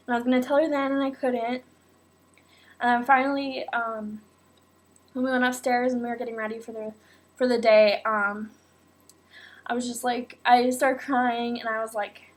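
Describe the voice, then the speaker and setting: High-voiced young woman telling a story. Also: moderate pace. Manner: animated, acts out quotes, many fillers like "like" and "oh my God". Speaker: vlogger. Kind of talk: casual personal storytelling.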